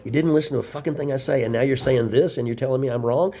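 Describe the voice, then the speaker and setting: A middle-aged man talks straight to the camera in a long, rambling monologue, bitter and full of swearing. His voice is gravelly and husky, with a dark, low-lit tone. He records in a small room at a shelter. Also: rapid-fire, few pauses. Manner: profane, bitter venting. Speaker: vlogger.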